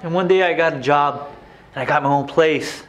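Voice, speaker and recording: An actor playing a grown man reliving his abusive childhood in a theatrical stage monologue, swinging between hushed and shouting. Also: on the high side, normal speed, natural voice. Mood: haunted. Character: grown man, former abused son, intense and haunted.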